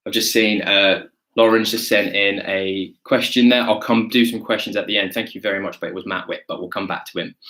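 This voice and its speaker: Enthusiastic man with a lowish voice. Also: fairly bright tone, rough recording. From Britain. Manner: chatty, enthusiastic, answers viewer questions as he goes. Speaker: zoologist giving an online wildlife lesson. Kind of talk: live online lesson.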